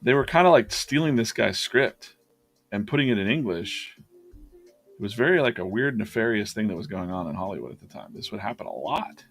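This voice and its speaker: A man's voice: lowish voice, lively intonation, moderate pace, vocal fry, faint music behind. A man streaming himself drawing, retelling a story in a loose, rambling way with lots of fillers and restarts. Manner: rambling storytelling with many fillers and self-corrections. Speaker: artist hosting a live drawing stream. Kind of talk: casual chat while drawing.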